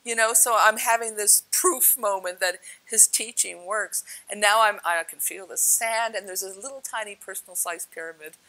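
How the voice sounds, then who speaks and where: A woman telling spiritual experience stories in an animated, casual way, laughing often and acting out what people said. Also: medium pitch, moderate pace, few pauses, poor audio. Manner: laughs often, acts out quoted lines with big swings. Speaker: speaker sharing spiritual experiences. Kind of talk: animated storytelling.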